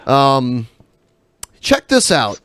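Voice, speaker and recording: A man's voice: medium pitch, wildly swooping pitch, drawn-out words, fairly bright tone, clear, resonant tone, dry recording. A man co-hosting a podcast, chatting in a laid-back, matter-of-fact way. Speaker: podcast co-host. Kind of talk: casual banter.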